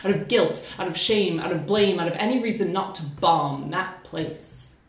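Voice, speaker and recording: A woman from the United States with an American accent softened by years in Scotland, chatting on a podcast and then performing a spoken word poem in a measured, rhythmic delivery. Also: on the low side, reverberant. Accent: American, slightly shifted by living in Scotland. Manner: measured, rhythmic poetic delivery with deliberate slowing.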